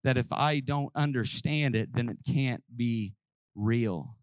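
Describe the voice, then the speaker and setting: A man preaching a sermon, acting out Bible scenes in voices and swinging from hushed, close talk to shouting. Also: medium pitch, takes it slowly, clear, resonant tone, no room sound. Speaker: pastor. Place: church hall with congregation.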